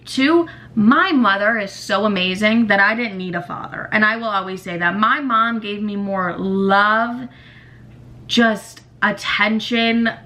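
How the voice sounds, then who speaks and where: A woman's voice: mid-range voice, measured pace, bright, forceful tone. A young woman hosting a podcast, talking bluntly and emotionally about her family and swearing freely. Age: young adult. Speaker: podcast host. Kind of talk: candid personal monologue.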